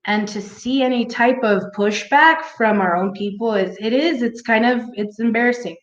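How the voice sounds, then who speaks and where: A woman's voice: a little high, moderate pace. A woman chatting casually to her viewers in a rambling way, with lots of fillers and restarts. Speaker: vlogger. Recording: echoey room, dull lo-fi sound.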